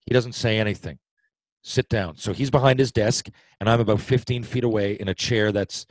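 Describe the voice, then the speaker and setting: A middle-aged man, a former hockey player, telling a story in a casual chat, animated and swearing freely. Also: medium pitch, no echo, low-quality recording. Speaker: retired hockey player, podcast guest storyteller.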